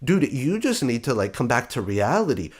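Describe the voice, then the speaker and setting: Man, podcast host, blunt, sarcastic monologue, medium pitch. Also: big pitch swings, normal speed. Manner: blunt, sarcastic, mocking quoted voices. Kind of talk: opinionated monologue.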